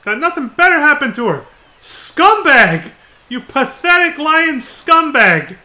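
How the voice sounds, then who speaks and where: Man shouting as a furious young rebel. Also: sits high, animated, normal speed. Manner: yelling furious insults. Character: hot-headed young male rebel, loud and protective.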